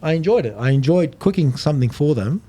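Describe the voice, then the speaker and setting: With a husky, higher-leaning voice and a quick pace, this middle-aged man guests on a podcast and spins stories in casual conversation. He curses freely and acts out what the people in his tales said.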